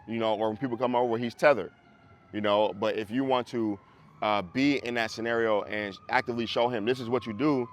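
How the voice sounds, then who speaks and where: A male dog trainer coaches a group class over a video call, keeping it casual and conversational and often checking that listeners follow. His voice is medium in pitch.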